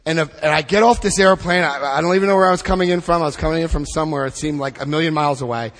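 A middle-aged man leading a recovery group through a book study, speaking with emphatic, drawn-out stresses and asking the room questions. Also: on the high side, a bit bright, long reverb tail. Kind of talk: impassioned recovery talk to a group.

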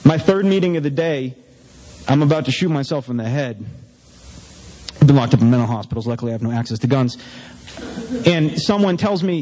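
A man's voice: mid-range voice, animated, a little fast, pauses often, dark tone, poor audio. A man giving a personal testimony at a recovery meeting, candid and self-mocking, acting out his own inner voices as he tells it. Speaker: speaker sharing his recovery story.

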